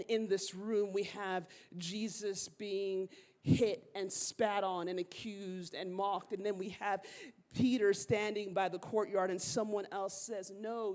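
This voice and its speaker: A woman preacher telling a story in a sermon, casual and slangy, acting out the people she quotes. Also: medium pitch. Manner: animated, slangy, acts out quotes. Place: church sanctuary.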